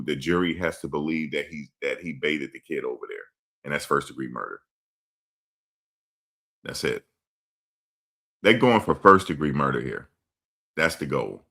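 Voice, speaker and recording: A man's voice: a bass voice, fairly bright tone. A man hosting a casual commentary show, blunt and emphatic, repeating his points. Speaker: host.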